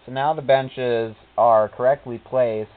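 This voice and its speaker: A man's voice: medium pitch, fairly even intonation, a little slow. A man giving casual gameplay commentary, telling rambling stories and quoting characters in silly voices. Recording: tinny phone-like recording.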